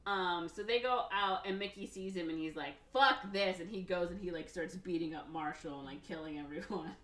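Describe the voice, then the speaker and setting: A woman's voice: on the low side, fairly quick. A woman podcast co-host casually retelling a film plot in a rambling way, full of "like" and "or whatever" and acting out the characters' lines. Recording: roomy echo, mic off at a distance.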